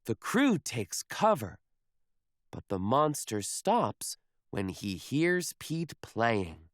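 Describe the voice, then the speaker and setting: A man reading a children's picture book aloud in a slow, expressive storybook manner. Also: mid-range voice, dry recording, clean studio sound.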